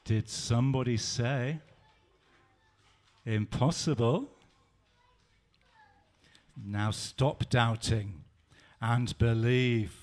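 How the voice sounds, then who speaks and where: A preacher doing a gentle, deep-voiced Jesus. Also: male voice, lively intonation. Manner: soft, slow and gentle. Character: gentle risen Jesus, calm grown man.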